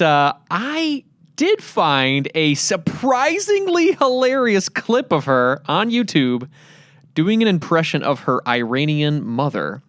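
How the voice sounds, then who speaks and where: A male podcast host talks in a chatty, upbeat way, his pitch rising and falling a lot. The sound is dry, with no room around his voice. He records his outro while traveling. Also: fairly bright tone, no room sound. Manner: chatty, upbeat, laughs easily. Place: on the road, traveling.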